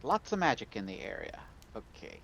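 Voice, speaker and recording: A man's voice: mid-range voice, sing-song, fairly quick, fairly bright tone, a little hiss or hum. Man playing a tabletop game on a dull mic. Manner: casual, mixing in-character talk and actions. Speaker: player. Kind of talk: casual tabletop game play.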